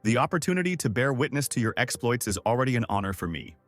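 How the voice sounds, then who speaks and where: A man voicing a fawning, flattering middle-aged viscount, heaping praise on a guest in a story recap. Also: medium pitch, fast talker, soft background music, lightly acted. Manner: flattering, ingratiating.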